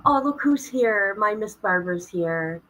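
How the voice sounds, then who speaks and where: A woman's voice: mid-range voice, fairly bright tone, poor audio. A woman hosting her own livestream, chatting casually and greeting viewers by name while she fumbles with her setup. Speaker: livestream host.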